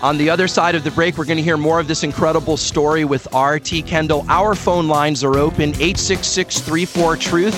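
A man's voice: a little high, steady tone, fairly bright tone, soft background music. Upbeat man hosting a radio show. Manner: enthusiastic, rattles off station promos quickly. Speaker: fill-in radio host.

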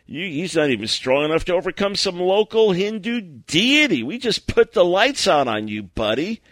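A man's voice: high-pitched, big pitch swings, normal speed, a bit bright, no room sound. A man voicing a taunting demonic spirit, mocking and drawn out. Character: sneering demonic enemy spirit, male, taunting.

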